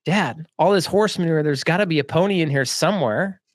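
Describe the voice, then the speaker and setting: A man's voice: medium pitch, big pitch swings, takes it slowly, a little mellow, breathy edge, no room sound, full character voice. Guy doing an upbeat, hopeful kid, dry close sound. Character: cheerful optimistic boy.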